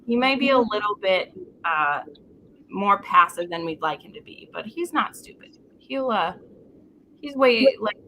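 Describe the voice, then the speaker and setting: Bright-voiced woman chatting about books. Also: mid-range voice, slight background noise, rough recording. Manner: animated, talks in quick runs with many "like"s. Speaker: book club host. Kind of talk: casual live book chat.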